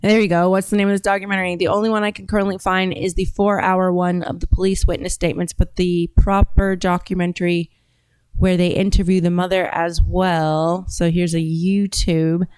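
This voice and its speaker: A woman's voice: lowish voice, flat delivery, moderate pace, a little mellow, smooth, dry recording. A woman podcast host chatting casually and thinking aloud as she browses and reads comments out, her accent drifting between a British-tinged and a Southern sound. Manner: rambling, thinks aloud with fillers.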